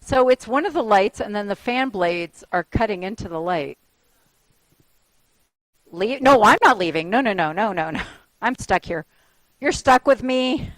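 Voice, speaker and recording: A woman in her fifties leading a gentle stretching class, giving breathing cues and chatting with the group between moves, encouraging and quick to laugh. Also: medium pitch, expressive, no room sound. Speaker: fitness instructor. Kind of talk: gentle exercise class instruction mixed with casual chat. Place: dining room used for a group exercise class. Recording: clear music playing behind.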